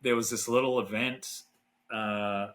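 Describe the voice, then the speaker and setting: A man's voice: lowish voice, fairly even intonation, unhurried, a bit bright, low-quality recording. A middle-aged Australian man, a neuroscientist guest, tells a story in a casual, rambling way with lots of fillers and restarts.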